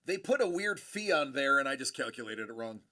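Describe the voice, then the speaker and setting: A man's voice: medium pitch, big pitch swings, fairly quick, pushed and bright, dry recording, studio quality. A man hosting a casual live stream, rambling and joking as he reads comments, often stopping and restarting. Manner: rambling, self-interrupting, joking. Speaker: collectibles live-stream host.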